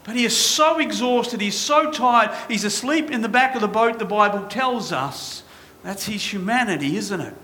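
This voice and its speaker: A man's voice: high-pitched, expressive, normal speed, bright, forceful tone. A man preaching a sermon as pastor, passionate and full of rhetorical questions to his congregation.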